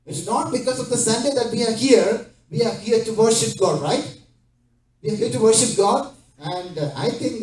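A man's voice: fairly high pitch, darkish tone. Man, pastor's sermon, repetitive hallelujahs, far from mic, roomy church echo. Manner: repetitive preaching, frequent hallelujahs and rhetorical okays; switches into Malayalam mid-sermon. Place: church sanctuary.

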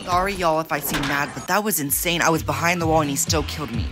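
A gaming video creator giving casual, excitable gameplay commentary, jumpy and prone to repeating panicked exclamations. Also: mid-range voice, fast talker, music in the background.

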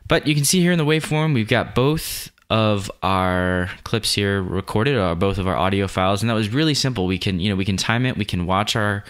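In the manner of a screen-recorded lesson, a deep-voiced man calmly and plainly explains each step of a video editing tutorial. His low voice has a clean tone.

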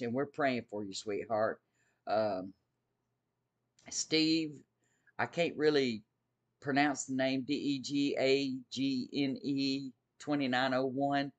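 Eager man preaching to viewers. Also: mid-range voice. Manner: earnest, eager, repeats phrases. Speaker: Christian video host.

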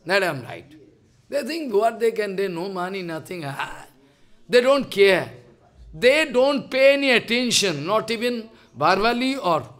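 A man's voice: sits high, sharp tone. An older man with a Bengali accent gives a devotional lecture in broken English, emphatic and repeating his phrases. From India. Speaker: spiritual teacher.

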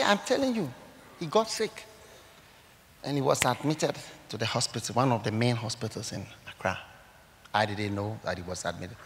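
A Ghanaian pastor preaches at a church service in a high, bright voice. His pitch leaps about as he tells his stories, jumping from shouted exclamations down to hushed asides, with faint background noise behind him. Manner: animated storytelling, swinging between loud exclamations and quiet asides. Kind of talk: sermon.

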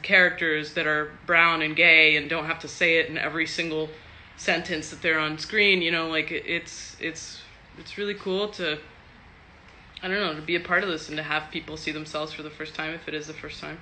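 A woman's voice: sits low, fairly even intonation, moderate pace, sharp tone, slight background noise. A woman from Texas, an actor, answering fan questions in a loose, chatty live stream, swearing freely and laughing often. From Texas, USA.

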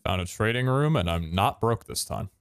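A man's voice: lowish voice, animated, normal speed, clean tone, no echo. A man hosting a gaming video, bantering and teasing his friends in casual chat.

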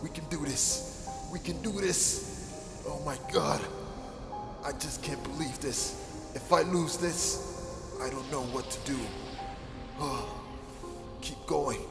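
A man narrating his own gameplay as a melodramatic skit, pepping himself up and swinging between hushed worry and shouting. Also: on the high side, slow pace, long pauses. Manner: over-the-top dramatic self pep talk, swinging from hushed to shouting. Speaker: gaming YouTuber. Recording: roomy sound with music behind.

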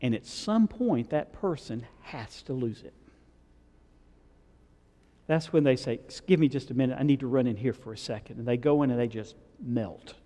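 A man's voice: mid-range voice, expressive, normal speed, dark tone, long reverb tail. A man preaching a sermon, retelling scripture in a conversational way and asking the congregation questions. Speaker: pastor. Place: church sanctuary.

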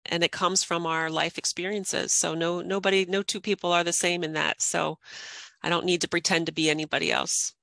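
Podcast guest, woman in her 50s, coach; bright voice, dry sound, earnest and reflective. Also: fairly low pitch, level tone, brisk, vocal fry, no echo. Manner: reflective, earnest, laughs often. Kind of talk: podcast interview.

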